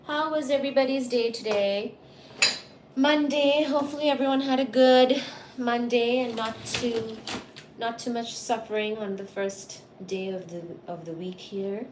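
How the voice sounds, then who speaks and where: A woman's voice: a little high, normal speed, heavy background noise. A woman cooing in affectionate baby talk to her cats at home, laughing often while doing the dishes in her kitchen. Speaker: cat owner and channel host. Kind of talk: casual chat and baby talk to pets.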